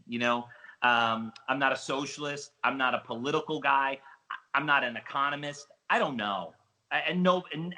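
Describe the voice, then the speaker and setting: Jersey guy, middle-aged, excited storyteller, calls you buddy, punchy bright voice. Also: mid-range voice, poor audio. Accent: New Jersey. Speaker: casino host trainer. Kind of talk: animated interview talk.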